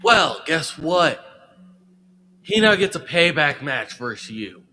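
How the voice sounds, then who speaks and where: A man voicing a smug male wrestling general manager who lays out a rematch in loud declarations. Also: a little high, sing-song, slow pace, slight background noise, full character voice, low-quality recording. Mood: taunting.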